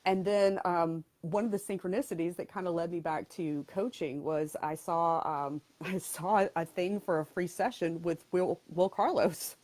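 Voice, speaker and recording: A woman's voice: on the low side, steady tone, normal speed, hardly any pauses, darkish tone. A middle-aged woman coach speaking candidly as an interview guest, frank and blunt with touches of humor.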